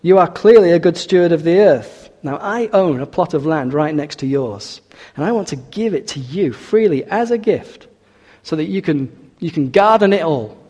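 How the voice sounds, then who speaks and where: A man preaching, voicing a generous male king who calls out in a loud, commanding way, in a long hall reverb. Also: on the high side, lively intonation, normal speed, husky.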